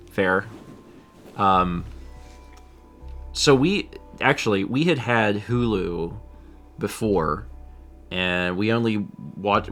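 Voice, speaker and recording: A man co-hosting a live stream, chatting casually, reading chat messages and joking with squeaky put-on voices. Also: a bit bright. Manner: jokey, breaks into high squeaky put-on voices.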